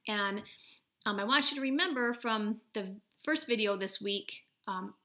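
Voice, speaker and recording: A woman teaching first graders in a recorded video lesson, speaking gently and slowly and sounding out words for the children. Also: mid-range voice.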